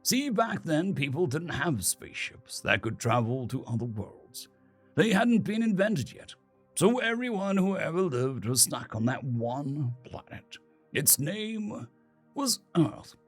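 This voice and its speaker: A man voicing a gentle young father who explains things slowly and patiently to his son. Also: a little high, big pitch swings, breathy edge, faint music behind, voice pushed up, full character voice. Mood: patient, explaining. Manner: slow, explaining tone.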